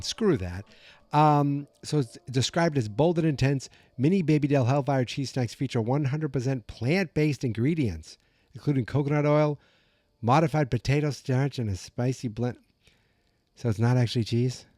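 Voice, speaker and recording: A man with an American accent hosting a podcast in a calm, rambling casual chat, often correcting himself. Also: mid-range voice, normal speed, no echo, clean studio sound. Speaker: podcast host.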